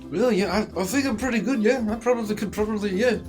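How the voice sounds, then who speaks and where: A man's voice: high-pitched, fast talker, over music, voice pushed up, natural voice. A man voicing a laid-back male goliath sailor with a drawling surfer-dude way of talking. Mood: mellow.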